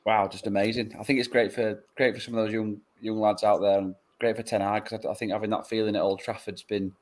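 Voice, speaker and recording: A man reacting to a football match in a halting way, often stopping and restarting his sentences. His voice sits on the low side. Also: little pitch movement. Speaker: podcast panelist. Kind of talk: casual match-reaction chat.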